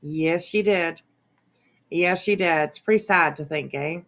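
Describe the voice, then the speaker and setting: A woman hosts a casual live stream in an unhurried, drawn-out way. She laughs often and swears freely as she reacts and chats with her viewers. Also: on the low side, a bit bright. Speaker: streamer host.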